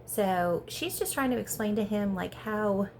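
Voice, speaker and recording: A woman giving a casual, chatty recap of a reality show episode, talking fast and peppering her speech with "like". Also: medium pitch, slight background noise. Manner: chatty, animated, heavy use of "like". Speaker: reality TV reviewer.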